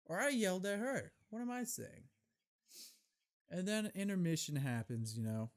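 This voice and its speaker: A young man hosting a casual solo podcast, telling stories in a profane, rambling, animated way, recorded on camera. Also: high-pitched, moderate pace. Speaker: podcast host.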